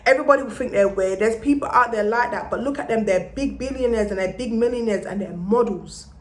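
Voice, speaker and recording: A young woman rants to her camera about self-love, blunt and profane, dropping into Jamaican-style patois. Her voice sits slightly high, and the room around her rings with echo. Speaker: vlogger. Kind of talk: motivational vlog rant. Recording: roomy echo.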